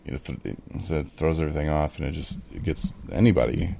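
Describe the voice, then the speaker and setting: A man talks casually as a podcast co-host, his voice very low with a rough fry running through it. He rambles with plenty of "you know" and slips into voicing his own replies as he tells the story. The feel is easy, unscripted conversation. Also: fast talker, dark tone. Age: adult in recovery, speaking of early sobriety. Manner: conversational, with many fillers, acts out his own quoted replies. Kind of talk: casual chat.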